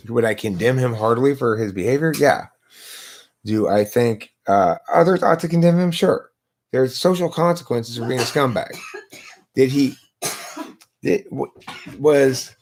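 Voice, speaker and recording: Speaking into a laptop on a live stream he hosts, a man argues points in a lecturing style and asks himself rhetorical questions in a casual philosophical debate. His voice is medium-pitched with a darkish tone.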